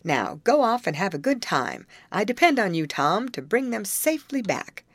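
A woman's voice: mid-range voice, very animated, normal speed, husky, dry recording, pitched above the performer's own voice. A woman voicing a genial older male overseer who speaks in a hearty, reassuring way. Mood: cheerful.

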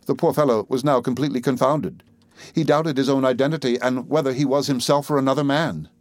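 A man's voice: mid-range voice, steady tone, a little fast, dry recording, clean studio sound. Man narrating a story steadily. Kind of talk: audiobook narration.

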